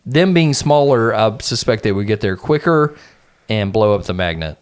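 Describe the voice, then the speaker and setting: A man's voice: lowish voice, animated, moderate pace, smooth. A man at a tabletop game talks through his character's moves in a loose, joking way. He laughs easily at his own bits. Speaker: player. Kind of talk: casual tabletop play chat.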